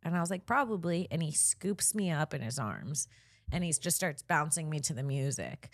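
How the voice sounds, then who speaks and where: A woman's voice: low-pitched, sing-song, moderate pace, breathy edge, no room sound. A woman in her thirties, a comedian co-hosting a podcast, telling a story in casual chat. She acts out the people she quotes and laughs often.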